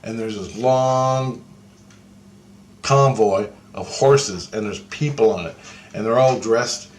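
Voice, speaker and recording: A man's voice: lowish voice, slow pace, a little hiss or hum. A man telling a rambling first-person account of a vision, profane and awestruck. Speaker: storyteller recounting a vision.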